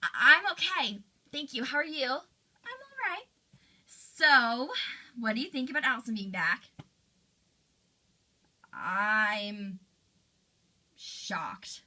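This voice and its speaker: A woman voicing a hesitant teenage girl who speaks softly with many pauses and "um"s. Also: a little high, lively intonation, heavily acted, poor audio. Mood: uncertain. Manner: hesitant, soft, with fillers. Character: hesitant, relieved teen girl Aria.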